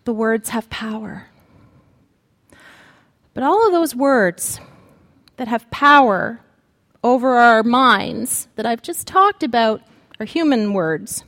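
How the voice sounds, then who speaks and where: A woman preacher giving a sermon, speaking slowly and dramatically with long pauses. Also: on the high side, lively intonation, a bit bright, in a large hall.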